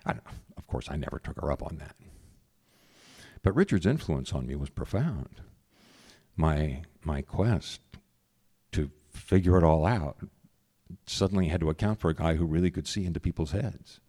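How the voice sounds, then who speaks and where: A man telling a personal story in a conversational, animated way. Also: rumbling low, normal speed, pauses often, breathy edge.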